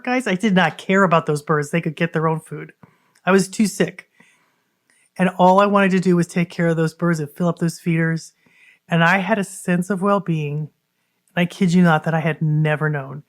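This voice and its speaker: A woman hosting a podcast, telling a personal story in an earnest, conversational way and talking straight to her listeners. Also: sits low. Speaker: podcast host.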